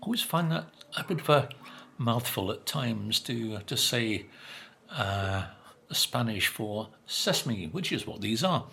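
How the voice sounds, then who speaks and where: A man's voice: medium pitch, animated, unhurried, gravelly, sharp tone, slight background noise. An older man, chatting casually while tasting biscuits, musing with plenty of fillers and speaking with his mouth full at times. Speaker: vlogger. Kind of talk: casual food review.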